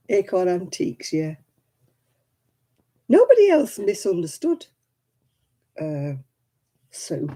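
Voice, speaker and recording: A woman's voice: fairly low pitch, wildly swooping pitch, takes it slowly, long pauses, mellow. A woman from Oldham in England with a Lancashire accent, chatting casually while crafting on a live stream and answering viewer comments. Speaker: crochet vlogger.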